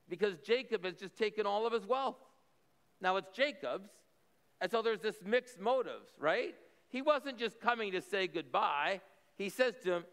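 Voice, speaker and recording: High-voiced guy preaching, reads a verse then explains it chatty-like, echoey hall. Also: fairly bright tone, smooth. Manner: conversational, explanatory asides. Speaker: pastor. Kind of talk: sermon, reading scripture with commentary.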